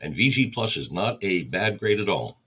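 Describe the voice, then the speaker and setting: A man's voice: deep voice, big pitch swings, normal speed, fairly bright tone, slight background noise. A man hosting a record store livestream, casually explaining each step while he catalogs vinyl. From United States.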